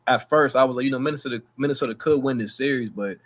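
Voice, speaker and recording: A man co-hosting a basketball podcast, talking in animated casual slang and laughing often. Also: medium pitch, very fast. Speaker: podcast co-host. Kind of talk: casual sports chat.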